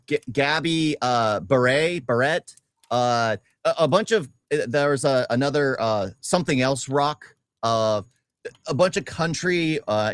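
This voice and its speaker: A man co-hosting a casual podcast chat, talking haltingly with many restarts and fillers. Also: medium pitch, no echo. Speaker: podcast co-host.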